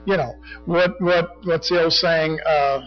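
A middle-aged or older man teaching a Bible study in a rambling, conversational way, full of "you know" and frequent throat clearing. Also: a little high, steady tone, unhurried, soft background music. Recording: dull lo-fi recording.

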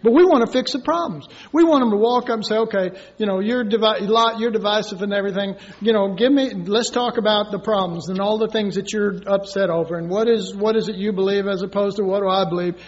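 High-pitched guy preaching, animated, sounds muffled and roomy. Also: quick pace, hardly any pauses. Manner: animated, acts out quoted voices with sudden high cries. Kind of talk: sermon. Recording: dull echoey recording from far off.

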